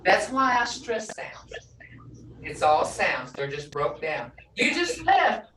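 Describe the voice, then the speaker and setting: An older woman teaching a language class, sounding out words slowly and syllable by syllable. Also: mid-range voice, sing-song, a bit bright. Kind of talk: slow language lesson with repeated words. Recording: echoey room, a bit distant from the mic, faint background noise.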